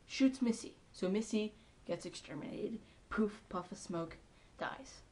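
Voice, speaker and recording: A woman giving a casual, excitable recap of a TV episode, chatty and full of ums and likes. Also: medium pitch, unhurried. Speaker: TV episode reviewer.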